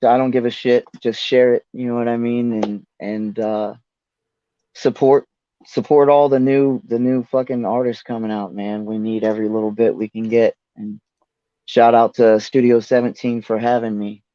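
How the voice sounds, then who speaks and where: A man's voice: mid-range voice, little pitch movement, normal speed, mellow, no echo. A man talking as a guest rapper in a rambling, laid-back way, swearing casually. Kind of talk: casual interview chat. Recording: dull lo-fi dry audio.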